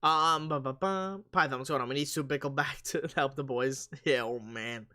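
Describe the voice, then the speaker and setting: A man hosting a live sports stream, casually reading viewer comments aloud and answering them while his voice is going hoarse. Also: medium pitch, fairly quick, a bit bright.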